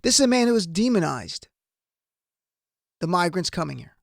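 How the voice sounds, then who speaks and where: A man's voice: sits high, big pitch swings, moderate pace, vocal fry, dry recording, studio quality. A man hosting a political talk show, delivering emphatic, indignant commentary. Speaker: radio talk show host.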